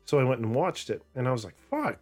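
A man hosting a podcast in casual chat, animated, laughing often and swearing freely. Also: medium pitch, fast talker, faint music behind.

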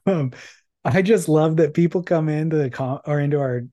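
Podcast co-host, man, wry and joking, mellow voice, dry room sound. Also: a little high, moderate pace, no room sound, lo-fi sound. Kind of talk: casual chat, reading listener mail.

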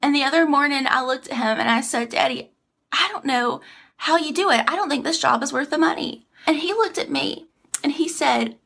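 High-voiced belle daughter, ditzy and entitled, sugary oblivious tone, a woman putting her on. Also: brisk, vocal fry, fairly bright tone. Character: entitled southern governor's daughter, young mom, airheaded. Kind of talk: comedy sketch video.

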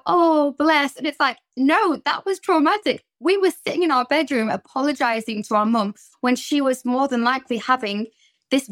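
A woman co-hosting a podcast, speaking candidly and reflectively about parenting, lively when she quotes others. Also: on the high side. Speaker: podcast co-host, therapist. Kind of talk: casual podcast chat.

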